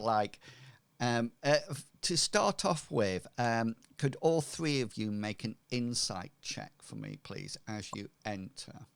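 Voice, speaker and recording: Slow, hesitant game master with a smooth voice. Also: male voice, lowish voice, dry recording. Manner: hesitant, full of ums and restarts. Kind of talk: narrating a tabletop game.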